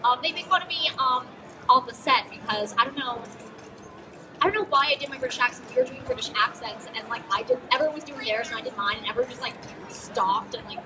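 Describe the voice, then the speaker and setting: A woman's voice: high-pitched, animated, fast talker, noisy background. A teenage actress answering questions on a live stage. She talks in a bubbly, giggly way with lots of fillers. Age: teens. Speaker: guest actress. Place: auto show stage with a crowd. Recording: distant mic with loud music behind. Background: music.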